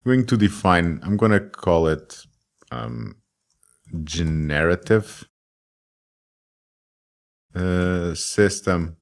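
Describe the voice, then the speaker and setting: A man's voice: sits low, extremely slow, pauses often. A man teaching a casual coding tutorial, thinking aloud with many ums and self-deprecating jokes. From Germany. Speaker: course instructor.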